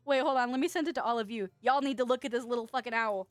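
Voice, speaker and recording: A young woman talks fast in a fairly high voice, casually reading out chat messages to her livestream viewers and giggling playfully again and again. There's no echo, just faint background music.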